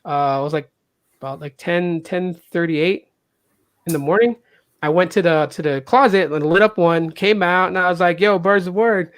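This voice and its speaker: A man with an animated way of telling a story, who acts out the people he quotes. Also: normal speed, dry recording. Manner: animated, acts out quotes with jumps in pitch and loudness. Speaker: podcast host. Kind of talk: casual storytelling.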